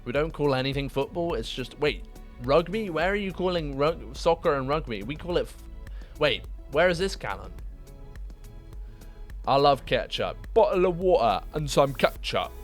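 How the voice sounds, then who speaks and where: A young British man chatting casually with viewers during a live game stream, laughing often and jumping to high-pitched disbelief. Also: expressive, normal speed, pauses often, faint music behind. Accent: British English. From United Kingdom. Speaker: livestreamer.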